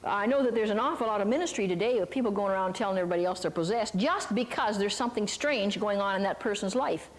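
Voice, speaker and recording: A medium-pitched voice moves at a quick pace with few pauses, and a long reverb tail trails it through the hall. The older woman delivers a Christian ministry sermon to a live audience, chatty and folksy, with stories, many asides, and questions for the listeners.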